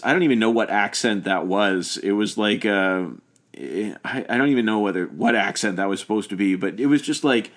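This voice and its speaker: A man in casual conversation, speaking with lively enthusiasm and agreeing readily. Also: on the low side. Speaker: podcast co-host discussing a film.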